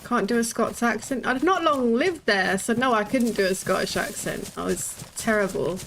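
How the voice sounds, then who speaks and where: A woman's voice: fairly high pitch, moderate pace, fairly bright tone, slight background noise. A British woman in her thirties, chatting casually while streaming a game, swearing freely and laughing often. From Britain. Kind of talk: casual gaming stream chat.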